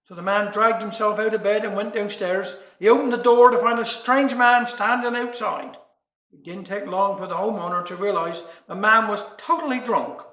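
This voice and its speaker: A man with a Cornish accent telling comic stories and dialect verse in a folksy, measured way. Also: high voice, bright, forceful tone. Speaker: storyteller. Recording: echoey room.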